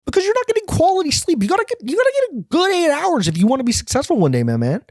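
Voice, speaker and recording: A young man doing a parody of a pushy male hustle-culture motivational guru who preaches loudly and fast. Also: very high-pitched, huge pitch swings, no echo, clean studio sound, pitched above the performer's own voice, heavily acted. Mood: hyped preaching. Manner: shouty, pushy, rapid-fire preaching.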